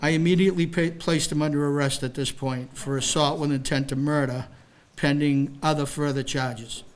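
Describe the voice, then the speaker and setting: A man's voice: on the high side, fairly even intonation, moderate pace. Older man recounting a case, plain-spoken. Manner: plain-spoken, mixes formal report wording with casual asides. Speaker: retired police detective speaking at a library talk. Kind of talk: storytelling, reading from a case report.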